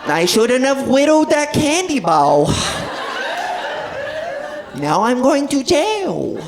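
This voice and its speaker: Woman playing a meek petty crook, sheepish, gravelly, crowd laughing. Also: sits high, very animated, slow, heavily acted. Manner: sheepish confession. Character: meek remorseful male petty criminal. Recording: noisy club with laughing crowd.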